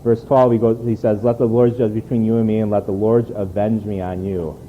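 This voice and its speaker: A man's voice: fairly low pitch, flat delivery, a little fast, phone-quality sound, slight background noise. A man preaching a sermon in an earnest, conversational way, often repeating words as he restarts. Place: church.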